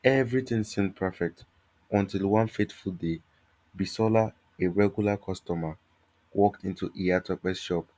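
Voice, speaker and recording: Deep-voiced male folktale storyteller. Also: normal speed, mellow. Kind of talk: scripted folktale narration.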